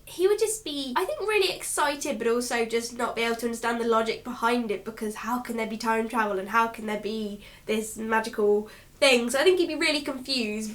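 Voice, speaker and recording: Young woman w a high voice, giggly book chat, says like a lot. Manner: giggly, animated, lots of "like". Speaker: book vlogger co-host. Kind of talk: casual chat.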